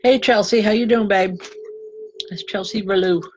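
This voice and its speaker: A woman's voice: medium pitch, steady tone, normal speed, darkish tone, poor audio. Chatty woman giving spiritual readings. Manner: chatty and informal, calling people hon and babe, with frequent ums and self-corrections; often laughs and apologizes to the audience. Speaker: reverend and spiritual medium. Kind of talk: live spiritual reading addressed to viewers.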